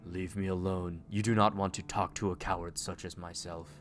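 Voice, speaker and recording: A man doing a broken, gloomy soldier in a worn uniform from a pixel horror game. He speaks low and pushes the listener away. Faint music plays behind. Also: flat delivery, moderate pace, a bit bright. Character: shamed old soldier, gloomy, calls himself a coward.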